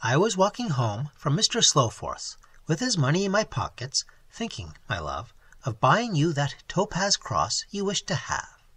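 A man's voice: on the high side, huge pitch swings, a little slow, fairly bright tone, husky, full character voice. A man voicing a plump, pompous, self-pitying country clergyman who rambles on self-righteously. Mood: rambling.

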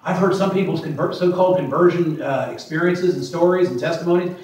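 A man in his forties preaching a sermon as pastor, plain-spoken, repeating himself and slowing down to stress verses. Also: on the high side, a little mellow, a little hiss or hum. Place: church sanctuary. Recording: echoey church from far off.

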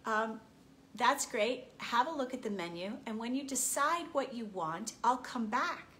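A woman's voice: on the high side, lively intonation, unhurried, bright, forceful tone, a little hiss or hum. A woman playing a patient, matter-of-fact restaurant waitress taking an order. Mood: polite.

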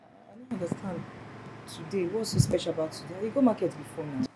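Brief: woman playing a fast-talking Nigerian friend, placating, with a lively up-and-down voice. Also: on the low side, noisy background, close to an everyday voice. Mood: soothing. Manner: soothing, placating, quick. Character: well-off woman calming her friend. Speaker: friend of the main character. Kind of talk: Nollywood film acting.

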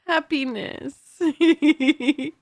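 A woman's voice: high-pitched, drawn-out words, dry recording. A woman hosting a movie reaction video, talking in an effusive, emotional way with lots of "like". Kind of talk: casual reaction commentary.

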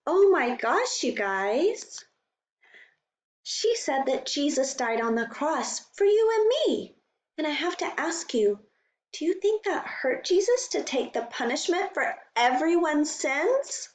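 A woman co-hosting a children's Bible lesson, earnest and gentle as she explains a story to the kids. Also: high voice, very animated, slow. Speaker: children's ministry co-host. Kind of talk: gentle kids' Bible teaching. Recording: roomy echo.

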